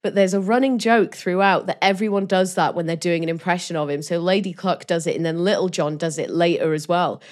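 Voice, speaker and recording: A woman chatting about a film as a podcast co-host, expressive and laughing as she acts out voices. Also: lowish voice, a little fast, hardly any pauses. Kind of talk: casual film chat.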